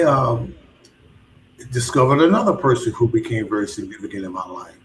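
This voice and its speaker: A man in a casual conversation, telling a personal story with lively energy and slipping into the voices of the people he quotes. His voice sits at an ordinary middle pitch. It carries a roomy echo, with a faint hum underneath. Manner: animated, acts out both sides of conversations.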